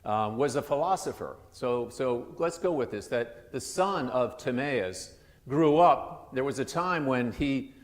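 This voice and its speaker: A man's voice: medium pitch, lively intonation, a little slow. Man preaching in an echoing church. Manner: conversational, with frequent restarts and asides. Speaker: pastor. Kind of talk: sermon. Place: church sanctuary. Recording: long church reverb.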